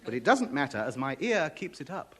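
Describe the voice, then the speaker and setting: A man's voice: medium pitch, very animated, a little fast, natural voice. A man playing a timid, eager-to-please new boy at a boarding school in a 1950s radio comedy. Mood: wry. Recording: hissy old radio broadcast recording.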